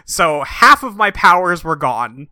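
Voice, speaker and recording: A man with a very bright, forceful voice talks casually, blunt and sarcastic. He sounds close and dry. His voice is pitched a bit high for a man. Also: very animated, dry recording. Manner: blunt and sarcastic, quick to mock. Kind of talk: casual chat.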